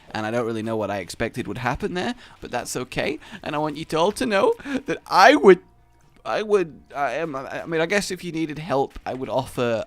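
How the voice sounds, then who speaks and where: A man's voice: mid-range voice, no echo. A man hosting a gaming channel, giving let's play commentary full of rambling, joking tangents, recorded at home.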